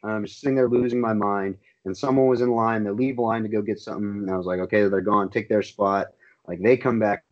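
A man's voice: fairly low pitch, steady tone, fast talker, dull audio. A young man casually ranting on a podcast, swearing constantly and laughing often. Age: young adult. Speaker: podcast co-host. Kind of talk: casual chat.

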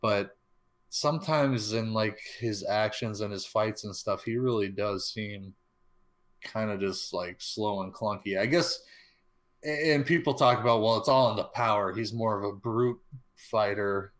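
A man co-hosting a casual film discussion podcast, talking in a halting way with many fillers and restarts. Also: lowish voice. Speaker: podcast co-host.

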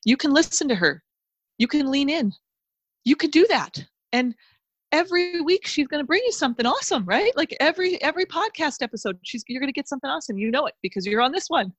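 A woman's voice: sits high, big pitch swings, brisk, fairly bright tone, no echo. A woman guest on a podcast giving a fired-up motivational pep talk, emphatic and full of repeated phrases. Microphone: close podcast mic.

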